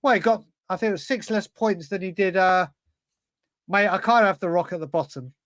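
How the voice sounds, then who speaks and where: Male co-host, high-pitched, dry close mic, English, swears, talks to himself mid-quiz. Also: fairly quick, fairly bright tone, no echo. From England. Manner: swears freely, blurts answers, talks to himself. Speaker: podcast co-host. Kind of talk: casual chat while playing a football quiz.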